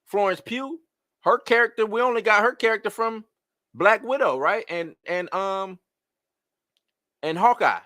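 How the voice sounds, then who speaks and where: Live-stream host, man, bright high voice, exasperated rhetorical rant, dry close sound. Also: unhurried, pauses often, no room sound. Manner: animated, rhetorical questions, exasperated. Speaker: host of a live movie-news show. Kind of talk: casual live-stream commentary.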